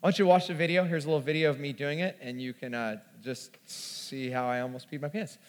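A man telling a self-mocking, animated story as part of a sermon. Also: fairly high pitch, quick pace. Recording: long hall reverb.

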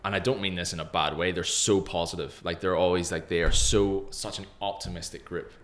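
A young man with a fairly low voice chats as a podcast guest. He tells stories with energy and often slips into other people's voices to act out what they said. The delivery is loose and conversational. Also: brisk. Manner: animated storyteller, often acting out other people's lines. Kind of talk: casual podcast chat.

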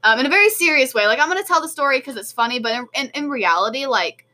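A young woman co-hosting a podcast, telling a story in animated casual chat with many fillers. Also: high-pitched, fast. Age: young adult. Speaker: podcast co-host.

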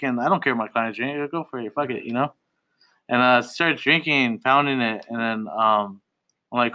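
A man's voice: mid-range voice, brisk, sharp tone, highs cut off. A young man, a tattoo artist guest, telling stories in a casual, profane, laid-back way with lots of laughter. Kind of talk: casual podcast storytelling.

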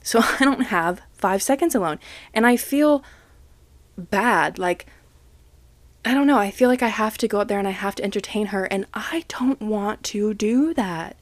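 With people moving around her home, a young woman vents on her casual solo podcast, frank and self-deprecating, swearing and laughing along the way. Her mid-range voice moves at a moderate pace with long pauses, and there's no room sound.

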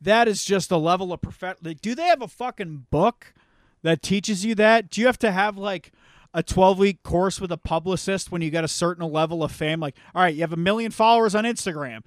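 A man co-hosting a podcast in casual chat, animated and swearing freely. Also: sits high, fairly quick, no room sound, clean studio sound. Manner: animated, swears a lot, acts out bits loudly. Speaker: podcast co-host.

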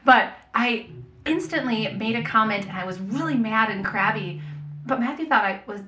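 A woman's voice: on the high side, moderate pace, echoey room. A woman in her thirties, a podcast guest telling stories in casual chat and acting out what people said. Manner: animated storytelling, acts out quotes.

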